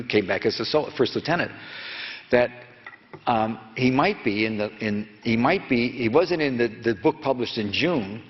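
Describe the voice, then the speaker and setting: A man in his seventies, a journalist, telling a long anecdote in a digressive way, with many restarts and self-corrections. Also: fairly low pitch. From United States. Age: 70s. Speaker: investigative journalist telling a story. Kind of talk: rambling anecdotal storytelling to an audience. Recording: dull lo-fi recording in a reverberant hall.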